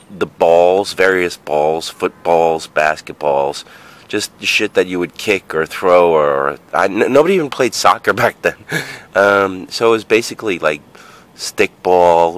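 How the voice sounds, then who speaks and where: A man's voice: sits low, normal speed, a bit bright. A man in his forties telling a childhood story in a rambling, profane way, full of fillers and asides. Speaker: vlogger. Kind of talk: casual storytelling monologue.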